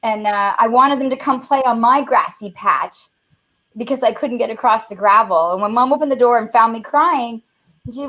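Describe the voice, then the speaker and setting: High-voiced woman telling stories. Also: a little fast. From Canada. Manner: animated, acts out voices in her stories. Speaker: motivational speaker. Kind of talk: storytelling in a webinar conversation.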